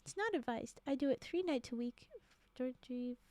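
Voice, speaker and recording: A woman streamer chatting casually with her viewers, soft-spoken and rambling, with lots of fillers and laughs. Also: sits high, expressive, moderate pace, dry recording. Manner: soft-spoken, drifting into quiet murmurs.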